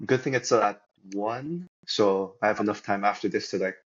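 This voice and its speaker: A young man chats as a podcast guest in a relaxed, upbeat way, laughing easily. His voice sits fairly low. The recording sounds dull and lo-fi. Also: moderate pace. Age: young adult. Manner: easygoing, chatty and upbeat, laughing often. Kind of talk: casual podcast chat.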